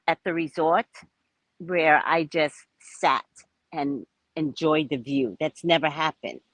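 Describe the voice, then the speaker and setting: A woman telling a story to her viewers in a chatty, frank and animated vlog, now and then profane. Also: low voice, no echo, poor audio. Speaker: vlogger. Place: at a resort.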